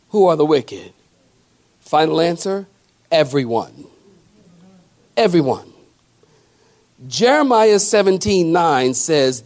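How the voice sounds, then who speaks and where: A preacher man with a noticeably high voice delivers a sermon to his congregation. He talks in a folksy, conversational way, slowing down hard on scripture and then rattling off quick joking asides. He keeps checking in with the room through call-and-response. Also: darkish tone. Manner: shifts between slow emphatic scripture lines and quick joking asides. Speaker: pastor.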